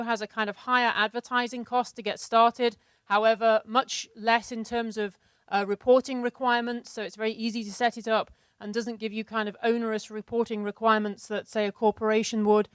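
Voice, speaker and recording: A middle-aged woman co-presenting a seminar, giving brisk, organized practical business advice. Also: fairly high pitch, clean tone, no echo.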